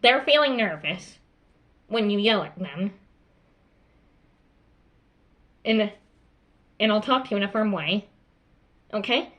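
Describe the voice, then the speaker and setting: Woman voicing a bright, firm school principal. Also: mid-range voice, animated, unhurried. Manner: instructive, firm, repeats "okay?". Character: strict but calm adult female school principal.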